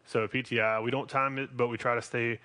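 A man's voice: mid-range voice, flat delivery, brisk, sharp tone. A man with a Southern US accent hosting a wrestling podcast, rambling and often restarting his sentences. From North Carolina. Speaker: podcast host. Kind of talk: casual podcast chat.

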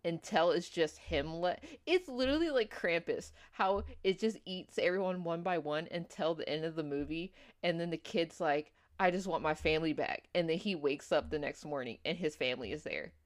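A young woman on a podcast tells a movie's plot in a loose, rambling way, full of fillers and restarts. She slips into quick voices for the characters as she goes. Her voice sits a little low. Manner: rambling storyteller, many fillers, acts out quotes. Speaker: podcast co-host. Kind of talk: casual movie recap chat.

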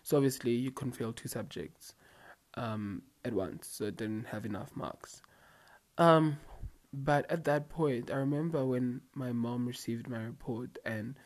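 Young man, casual storytime vlog, slangy, rambling, filler-heavy, mid-pitched. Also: a little slow. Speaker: vlogger.

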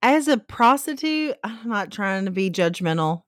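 A woman's voice: mid-range voice, sing-song, a little slow, no echo, clean studio sound. A woman co-hosting a casual chat, talking in an incredulous, chatty way. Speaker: podcast co-host.

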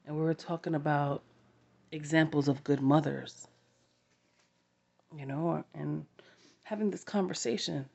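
A woman sharing a personal story to camera, halting and heartfelt, with long pauses. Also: low voice, fairly even intonation, creaky, darkish tone, slightly rough, dull audio.

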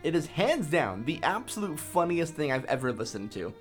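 Casual, profane video essay narrator. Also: male voice, a little high, very animated, moderate pace, soft background music.

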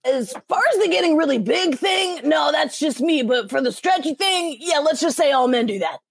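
A cocky rubbery young pirate captain, loud and boyish, as a woman voices him for an anime dub. His voice sits a little high and is brash and sure of itself. The sound is dry and close. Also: expressive, normal speed, gravelly, no echo. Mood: brash, boastful.

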